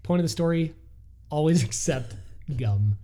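A man co-hosting a podcast, telling a listener's story in a casual, animated way with frequent laughs. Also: a little high. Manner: animated, laughs often, quick asides. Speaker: podcast co-host.

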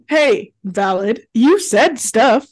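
A young woman co-hosting a casual podcast chat, retelling what people said with lots of laughs. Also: a little high. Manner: chatty, giggly, acts out quotes in a flat deadpan. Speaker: podcast co-host recapping a reality show.

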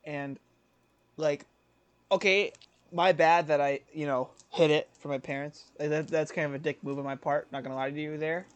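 A smooth, slightly high voice with fairly even intonation belongs to a man in his twenties co-hosting a casual podcast. At normal speed he tells a rambling story, using fillers, correcting himself, and laughing often.

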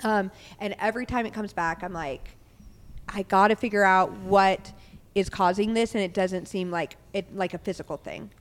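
Candid woman telling her story, roomy reverb. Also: medium pitch. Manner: candid, quick retelling with many "um" and "like". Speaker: podcast guest. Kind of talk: casual personal storytelling.

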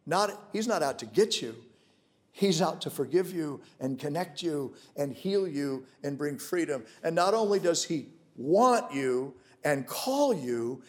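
High-voiced emphatic male preacher. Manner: emphatic preaching, swinging from loud declarations to hushed, intimate storytelling. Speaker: pastor. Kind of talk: sermon.

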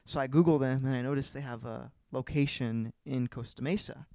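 A man's voice: medium pitch, fairly even intonation, brisk, hardly any pauses, warm tone, no room sound, clean studio sound. A young man in casual chat, telling a story with lots of swearing and acting out both sides of a conversation.

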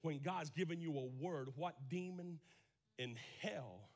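A man preaching a sermon as pastor, building from quiet emphasis to shouted declarations and repeating phrases for effect. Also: a little high, takes it slowly.

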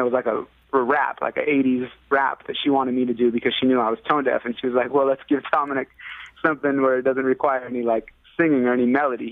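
A man's voice: mid-range voice, dry recording. A man from California, a musician guest, telling a story in a rambling, casual way with lots of fillers, acting out what others said in a raised voice. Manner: rambling, many fillers, acts out quoted people in a raised voice. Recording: tinny phone-like line, dry.

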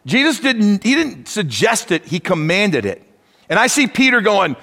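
A man preaching a sermon as pastor, animated and acting out the dialogue he quotes. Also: high-pitched, moderate pace. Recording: long hall reverb.

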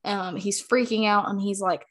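Animated woman retelling a story. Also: medium pitch, moderate pace. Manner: animated, retells scenes with quoted lines. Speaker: podcast co-host. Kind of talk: casual book chat.

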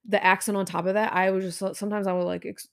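A young woman chatting casually, animated, swearing freely and laughing often. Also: mid-range voice, rapid-fire, vocal fry. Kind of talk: casual chat.

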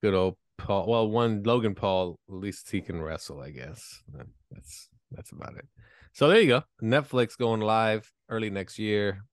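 A man's voice: on the low side, unhurried, no room sound, clean studio sound. A man hosting a podcast in casual chat, teasing his co-hosts, laughing often and swearing freely. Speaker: podcast host.

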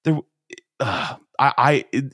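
A man co-hosting a podcast, chatting casually, excitable and profane, with lots of restarts. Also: mid-range voice, slow pace, husky, no echo, clean studio sound. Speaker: podcast co-host. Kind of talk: casual chat.

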